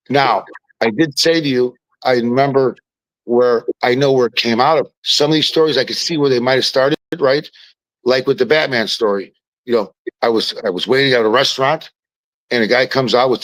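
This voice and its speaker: A man, a podcast guest telling stories in casual chat, animated and often restarting his words. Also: medium pitch, no room sound, low-quality recording.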